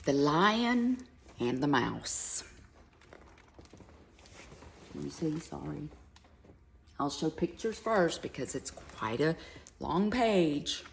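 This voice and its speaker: A woman reading a children's picture book aloud to a child, narrating softly and often dropping to a whisper. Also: low-pitched, big pitch swings, takes it slowly, gravelly, slight background noise. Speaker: reader to a child.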